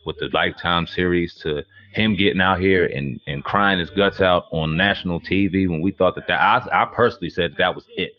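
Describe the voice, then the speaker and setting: A man's voice: low-pitched, brisk, hardly any pauses, muffled recording. A man co-hosting an online news chat, talking bluntly and with plenty of swearing. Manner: blunt, profane, animated. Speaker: co-host. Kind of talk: casual news commentary.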